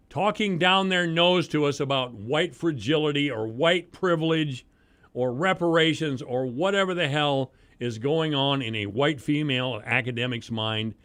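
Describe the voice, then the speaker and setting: A man with a Midwestern American accent delivers a talk radio monologue, his pitch leaping and diving with every point. He sounds heated and sarcastic, jumping from sudden loud bursts down to low, grumbling asides. His voice sits a touch higher than most men's. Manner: heated, sarcastic, swings between shouting and muttering. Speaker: radio talk show host.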